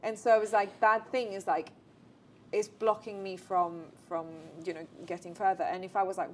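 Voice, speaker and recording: A woman, a guest speaking as an actress in a casual conversation. She talks in a lively run, with restarts and many fillers. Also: mid-range voice, normal speed, slight background noise. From Latin America. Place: theatre.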